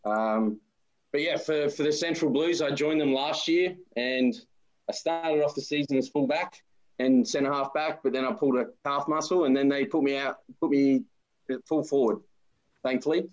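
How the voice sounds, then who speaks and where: Brief: forties Aussie bloke, relaxed storyteller, muffled remote audio. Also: male voice, medium pitch, moderate pace. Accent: Australian. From Australia. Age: 40s. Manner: friendly, relaxed anecdotal. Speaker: interview guest, amateur footballer. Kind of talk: casual interview storytelling.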